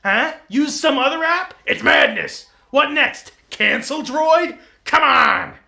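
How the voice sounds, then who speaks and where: A man's voice: very high voice, expressive, takes it slowly, vocal fry, pushed and bright. A man hosting a late-night comedy show, delivering a monologue of sardonic, self-mocking punchlines. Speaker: talk show host. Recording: echoey room with band music.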